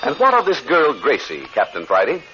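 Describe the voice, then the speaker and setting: Man narrating old radio adventure, lively swooping voice, dull faint hiss. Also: mid-range voice, brisk. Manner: dramatic, swooping delivery. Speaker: narrator and announcer.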